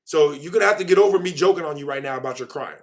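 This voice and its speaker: A man's voice: fairly high pitch, rapid-fire. A young man hosting a casual livestream, ranting at and mocking his chat. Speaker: livestream host.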